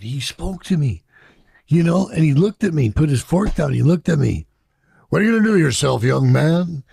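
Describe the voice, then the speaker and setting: In a candid interview, an older Chicago man reflects on his past, swearing freely and mimicking the voices of those he quotes. His voice is deeply gravelly and husky with a dark, mellow tone, and the recording is dry and close, without any room sound.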